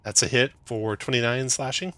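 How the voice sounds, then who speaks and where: A young man runs a tabletop game as its dungeon master. His voice sits in the middle range but rings bright and forward. He calls hits and damage briskly, chuckling now and then. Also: mid-range voice, steady tone, no echo. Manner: brisk rules-calling with chuckles.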